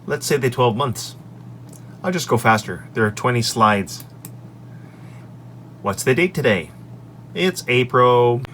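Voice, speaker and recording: A man who teaches English, recorded in his office on a desk microphone, walking through his lesson slides in an upbeat way and saying each example sentence clearly. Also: mid-range voice, lively intonation, slow pace, long pauses, fairly bright tone, slight background noise. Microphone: desk microphone on an extension arm.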